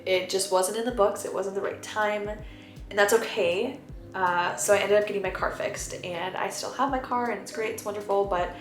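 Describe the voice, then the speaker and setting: A woman's voice: mid-range voice, moderate pace. A young woman vlogger talking to camera in a candid, rambling, confessional way. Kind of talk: casual chat to camera. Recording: roomy echo, faint music behind.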